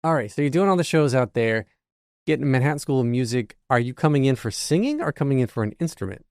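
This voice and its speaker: Man, podcast host, playful and joking, medium pitch, dry mic. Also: expressive, quick pace, a little mellow, clean tone, no echo. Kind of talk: casual interview chat.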